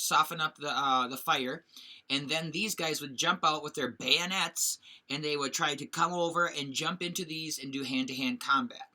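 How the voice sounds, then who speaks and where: Male teacher, very sharp bright tone, casual rambling slide lecture full of fillers. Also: a little high. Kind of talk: recorded history lecture over slides.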